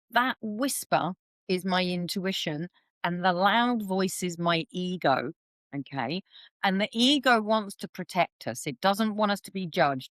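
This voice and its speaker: A woman who works as an intuitive reader appears as a podcast guest, explaining things chattily and acting out quoted voices along the way. Her voice is fairly low-pitched, with no room sound.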